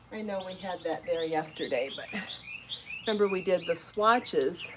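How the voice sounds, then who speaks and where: Woman host, home live stream: chatty, upbeat, encouraging, laughs easily, faint hiss behind her. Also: mid-range voice. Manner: chatty, encouraging, laughs often, answers viewer comments. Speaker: podcast host and crochet designer. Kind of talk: casual live-stream chat.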